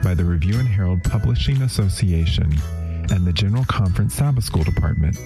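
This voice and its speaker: A man reading the closing credits of a podcast in a measured, formal manner. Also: sits low, expressive. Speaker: announcer. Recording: voice over music bed.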